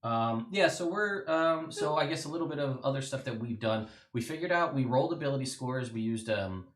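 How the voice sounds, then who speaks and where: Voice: mid-range voice, animated, brisk. A streamer chatting casually on a live stream, thinking aloud with fillers. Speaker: streamer and player. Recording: roomy echo.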